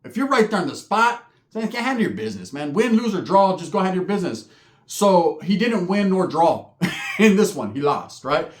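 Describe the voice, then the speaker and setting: A man's voice: sits high, big pitch swings, fairly quick, echoey room. A middle-aged man telling a story in casual street slang, with lots of cursing and a habit of asking "right?". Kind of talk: casual storytelling with acted quotes.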